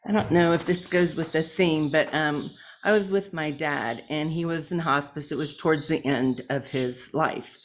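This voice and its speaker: Woman sharing a personal story in a group, quiet, halting, faint hiss behind. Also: low voice. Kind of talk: personal testimony.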